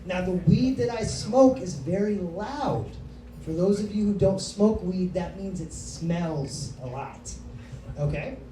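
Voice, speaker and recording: A woman's voice: on the low side, lively intonation, takes it slowly, dark tone, slight background noise. A woman in her thirties doing stand-up comedy, telling a story in a brash, profane, hyped-up way. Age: 30s. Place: comedy club stage. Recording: roomy club sound from a distance.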